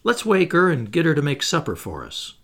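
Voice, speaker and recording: A man's voice: fairly high pitch, wildly swooping pitch, fairly quick, gravelly, a bit bright, pitched above the performer's own voice, full character voice. A man voicing a small, sleepy boy who pleads and cries out. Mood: pleading. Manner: plaintive, pleading.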